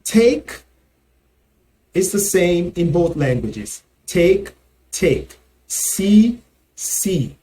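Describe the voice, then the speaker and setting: A man with a Nigerian accent leads a language lesson at an unhurried pace, repeating words for learners. His voice sits a little high and moves up and down a lot. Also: big pitch swings, dark tone. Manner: repeats each example word slowly and clearly. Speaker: language teacher. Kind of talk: slow, deliberate language lesson.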